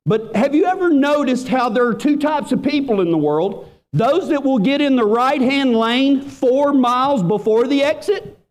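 A man's voice: very high voice, moderate pace, hardly any pauses. A man, preaching a storytelling sermon and acting out friends' lines in voices. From Texas. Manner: animated, acts out quoted friends in voices. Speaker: pastor.

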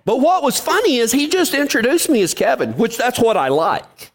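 Folksy preacher man, lively pitch. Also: normal speed. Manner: folksy, drawling anecdotes with acted-out dialogue. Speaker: pastor. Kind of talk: storytelling sermon.

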